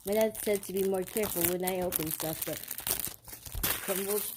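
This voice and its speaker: A woman's voice: mid-range voice, steady tone, moderate pace, background noise. A young woman filming a casual unboxing vlog on her phone at home, giddy and giggly, rambling with lots of fillers. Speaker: vlogger. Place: upstairs room at home. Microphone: phone held by the speaker.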